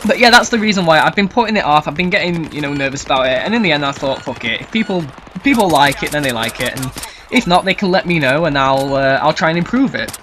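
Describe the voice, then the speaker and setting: Yorkshire lad rambling on a q&a vid, nervous, swears a lot, high-ish voice, bit of hiss. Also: male voice, animated, quick pace, a bit bright. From Yorkshire, England. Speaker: gaming YouTuber. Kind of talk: casual Q&A commentary.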